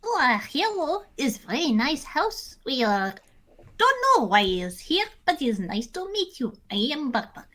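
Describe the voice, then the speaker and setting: A woman voicing a friendly small creature who speaks in simple, halting grammar. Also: high voice, very animated, a bit bright, full character voice.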